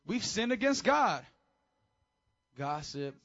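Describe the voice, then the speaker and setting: A man preaching a casual, high-energy sermon to teenagers as youth pastor, with call-and-response. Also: very animated, takes it slowly, a bit bright, dull audio.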